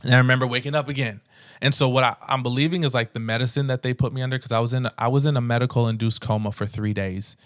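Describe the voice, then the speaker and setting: A man hosting a podcast, telling his own story in a halting way with many restarts and fillers. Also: mid-range voice, fairly even intonation, no echo, clean studio sound. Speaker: podcast host. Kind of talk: personal storytelling.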